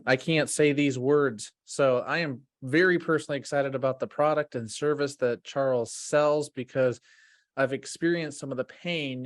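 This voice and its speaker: A man from the United States hosting a podcast interview, talking casually with frequent fillers and restarts. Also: medium pitch. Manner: relaxed, filler-heavy delivery. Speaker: podcast host.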